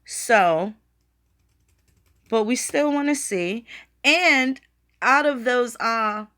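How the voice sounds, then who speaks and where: A woman's voice: a little high, extremely slow, a bit bright. A woman hosting a casual livestream. She rambles and swears freely, talking straight to her viewers as she works at her computer. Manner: rambling, profane, conversational, addresses viewers directly. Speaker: channel host.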